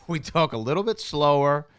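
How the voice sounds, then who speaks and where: A man's voice: on the high side, moderate pace, clean tone, no echo, studio quality. A man with a Southern American accent, co-hosting a podcast in a casual, chatty way. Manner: relaxed, chatty, frequent fillers. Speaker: podcast co-host. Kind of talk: casual chat.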